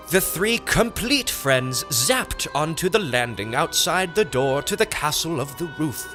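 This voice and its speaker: Male audiobook narrator, deadpan comic read, unhurried, sing-song pitch. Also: faint music behind. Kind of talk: deadpan reading of a comic nonsense story.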